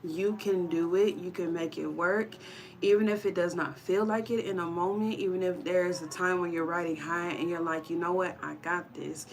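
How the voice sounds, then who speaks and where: A woman's voice: on the low side, steady tone, moderate pace, a little hiss or hum. A woman giving a casual tarot reading to her viewers, chatty and encouraging, calling them y'all. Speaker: tarot reader.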